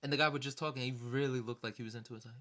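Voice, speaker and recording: Rambling young man telling a story. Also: very fast. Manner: animated, acts out others in sudden high-pitched voices; rambling, lots of "you know" and "like". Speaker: vlogger recounting concert memories. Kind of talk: casual storytelling.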